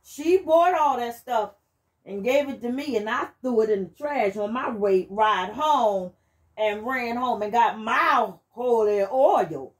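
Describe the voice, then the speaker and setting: A woman's voice: on the high side, takes it slowly. Woman telling a personal testimony. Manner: animated, emphatic, addresses listeners directly. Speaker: channel host giving testimony.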